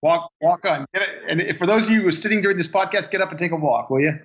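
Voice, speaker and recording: A man's voice: sits high, quick pace, lo-fi sound. A man being interviewed as a guest on a podcast, talking casually and promoting his product in a rambling, salesy way. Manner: rambling, many fillers and restarts, salesy. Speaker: guest, inventor and business owner.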